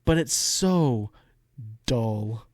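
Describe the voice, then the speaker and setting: A man co-hosting a podcast in a relaxed, chatty way, with a voice of ordinary pitch. He retells a story with lively quoted asides. The sound is dry and close, with no room around it. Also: very slow, no room sound. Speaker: podcast co-host. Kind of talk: casual chat.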